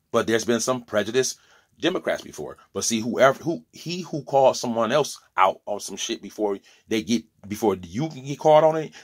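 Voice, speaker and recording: A man in his forties giving a heated opinion monologue, repeating and restarting words as he presses his points. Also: medium pitch. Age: 40s. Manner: impassioned, stumbling restarts, preachy asides. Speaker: opinion vlogger.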